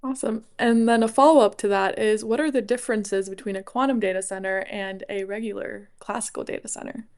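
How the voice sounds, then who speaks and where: A woman's voice: mid-range voice, fairly even intonation, a little fast, few pauses, darkish tone. A woman interviewing a guest, giving brief, upbeat acknowledgments and asking follow-up questions.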